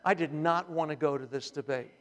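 A man's voice: fairly high pitch, fairly quick, a bit bright, a little hiss or hum. A male pastor preaching a sermon, telling the story with animation and humor, in a church hall. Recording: long hall reverb.

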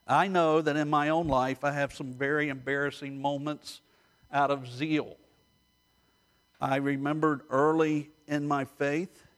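A man preaching a sermon, retelling stories with animated, direct address to his listeners. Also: a little high.

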